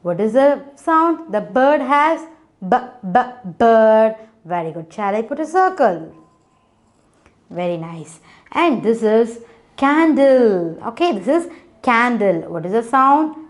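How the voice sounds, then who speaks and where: A young woman with an Indian English accent teaching phonics to children, slowly repeating letter sounds and praising them. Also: on the high side, very animated. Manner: slow, coaxing, repeats sounds.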